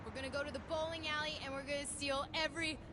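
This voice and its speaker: A woman's voice: high voice, fairly even intonation, quick pace, natural voice. A woman voicing a brash, swaggering gang leader in a comedy video game, boasting crudely about petty crimes. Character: cocky tough-talking gang leader, petty. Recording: game audio with background noise.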